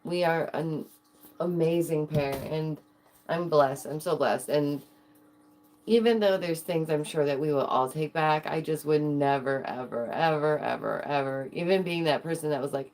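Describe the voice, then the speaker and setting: A woman streamer chatting casually to her viewers, giggling often and talking in an animated way. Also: sits low, a little slow. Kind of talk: casual livestream chat.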